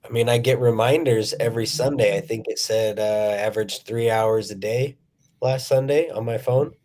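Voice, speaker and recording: A man who works as a fitness trainer, talking in a relaxed, conversational way as a podcast guest. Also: medium pitch, moderate pace. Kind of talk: casual chat.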